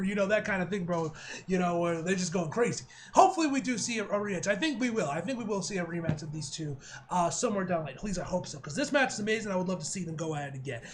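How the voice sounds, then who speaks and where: A young man giving an excitable, slangy wrestling review, laughing and swearing often. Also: sits high. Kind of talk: casual video review.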